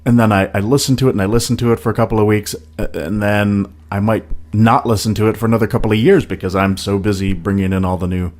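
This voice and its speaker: A man hosting a casual podcast, talking about new metal releases in a relaxed, enthusiastic way with some hesitations. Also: lowish voice, fast talker, hardly any pauses. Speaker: podcast host.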